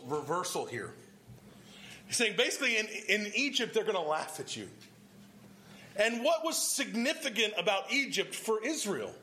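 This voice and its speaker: A pastor with a high, bright, forceful voice preaches a sermon. He works through scripture verse by verse and puts questions to his congregation.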